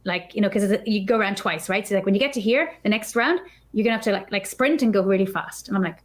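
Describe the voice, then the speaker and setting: A woman guest on a podcast, telling a story in a chatty, animated way and acting out her own thoughts. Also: medium pitch, quick pace. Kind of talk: casual storytelling.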